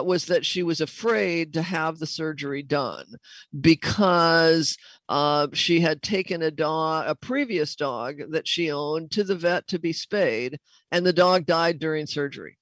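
A woman's voice: on the low side, no room sound. Dry, rambling woman show host. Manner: rambling, many fillers and restarts. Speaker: animal communicator host. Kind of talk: talk show storytelling.

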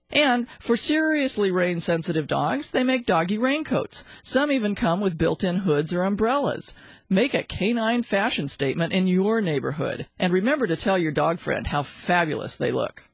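A woman's voice: fairly low pitch, gravelly, husky, no room sound, rough recording. A woman presenting a scripted segment of pet-care tips in an upbeat, chatty and playful manner. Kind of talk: scripted radio tip segment.

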